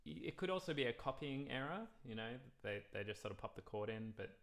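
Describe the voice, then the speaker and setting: A man's voice: medium pitch, animated, gravelly, a bit bright. A man teaching a live music theory lesson, counting beats and scat-singing rhythms to explain a song. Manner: sings example lines slowly.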